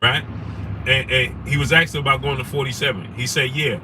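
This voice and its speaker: A man with a mid-range voice at normal speed rants animatedly in a noisy car. As a sports talk show host doing casual live-stream commentary, he reads chat names and repeats rhetorical questions.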